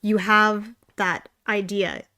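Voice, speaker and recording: A woman's voice: mid-range voice, steady tone, slow pace, bright, forceful tone. Canadian woman, young, casual podcast co-host, rambling and wry. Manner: chatty, tangents, sarcastic asides. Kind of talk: casual chat.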